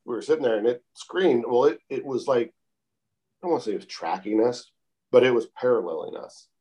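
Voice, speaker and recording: Man, calm storyteller in casual interview, unhurried, mid-pitched, keeps adding "I said.". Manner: calm, unhurried, repeats "I said" often. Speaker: interview guest telling a story.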